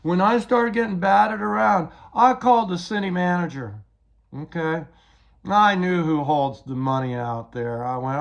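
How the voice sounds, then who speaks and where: A man's voice: sits high, moderate pace, gravelly. An older man giving a rambling, agitated personal account, often repeating words as he retells events.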